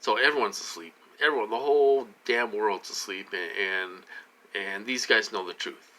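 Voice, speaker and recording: Rambling, slightly tipsy man with a bright voice. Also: lowish voice, normal speed. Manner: rambling, repetitive, many restarts, swings between loud and muttering. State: a little tipsy from a drink. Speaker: vlogger. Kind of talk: rambling monologue to camera.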